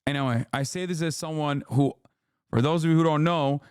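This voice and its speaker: Man, high-pitched, dry close sound, heated profane livestream rant. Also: brisk, smooth, no room sound. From Turkey. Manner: angry, profane, emphatic. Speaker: streamer reacting to videos.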